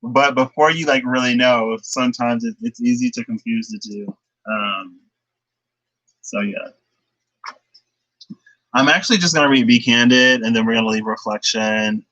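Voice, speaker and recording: A man's voice: mid-range voice, moderate pace, pauses often, pushed and bright, no echo, dull audio. A young man casually chatting on a tarot-reading livestream, rambling with lots of fillers and frequent laughs, speaking into a laptop webcam. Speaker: tarot card reader.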